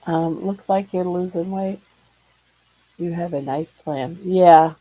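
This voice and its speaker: An older woman from Ohio hosting a casual livestream chat, short of breath, talking in a slow, relaxed way and greeting viewers by name. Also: lowish voice, no echo, poor audio. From Ohio, USA. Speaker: livestream host.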